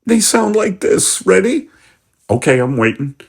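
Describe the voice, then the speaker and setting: A man's voice: big pitch swings, unhurried, creaky, slightly rough, exaggerated voice. A man doing a fluttery, melodramatic wife. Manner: high, fluttery and melodramatic, with rising swoops. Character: Margaret, a fussy, emotional middle-aged woman.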